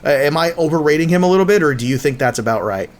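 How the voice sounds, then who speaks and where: A man's voice: a little high, expressive, racing. A man hosting a podcast, chatting casually and joking with lots of fillers. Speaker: podcast host. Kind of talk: casual sports chat.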